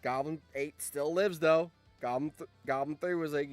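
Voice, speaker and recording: A man hosting a channel, giving casual reaction commentary on a game simulation, swinging from low muttering to excited shouts. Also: moderate pace, dry recording, soft background music. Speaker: channel host and streamer.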